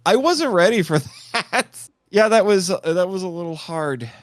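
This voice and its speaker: A man talking as a podcast guest in casual chat, excitable, laughing often and changing his mind mid-thought. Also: sits high, measured pace, no room sound, studio quality.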